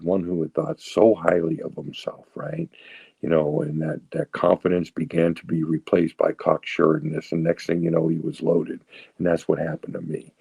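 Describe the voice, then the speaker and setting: Gravelly deep-voiced man in his sixties. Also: dark tone, no room sound, poor audio. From Boston area, USA. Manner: halting, repeats words, self-deprecating humor. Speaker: guest sharing recovery story. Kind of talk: personal testimony.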